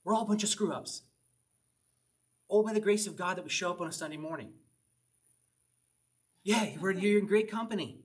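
A slightly high-voiced man teaches an informal Bible study, reading verses from the Psalms and then talking them through. He speaks casually to the group, laughs often, and wanders off on asides before coming back to the text. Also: normal speed, pauses often. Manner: conversational, laughing often, reading scripture aloud. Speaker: pastor.

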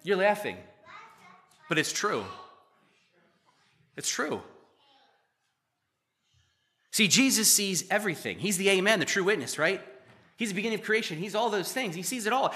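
Bright-voiced pastor preaching conversationally. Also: male voice, high-pitched, expressive, moderate pace. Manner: conversational, asks the congregation questions; jokes and teases, swings between loud emphasis and quiet asides. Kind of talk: sermon. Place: church.

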